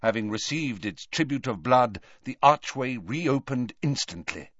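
A man's voice: medium pitch, expressive, measured pace, fairly bright tone, no room sound, lo-fi sound. A man reading a fantasy novel aloud as an audiobook narrator, with dramatic, swelling delivery. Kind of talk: scripted narration.

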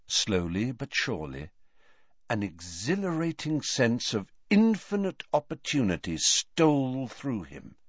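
A man narrating an audiobook in an expressive reading. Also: mid-range voice, no echo. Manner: expressive, character-voiced reading. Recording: dull lo-fi dry recording.

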